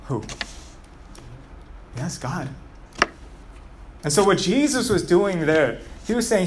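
A man preaching a sermon, telling the story in a lively way and asking the audience rhetorical questions. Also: high voice, slow pace, long pauses, slight background noise.

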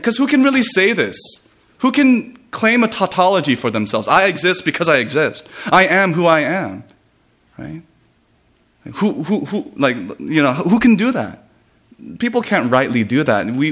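A man preaching a retreat sermon, reading scripture and explaining it in an animated way, often laughing and restarting his sentences. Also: a little high.

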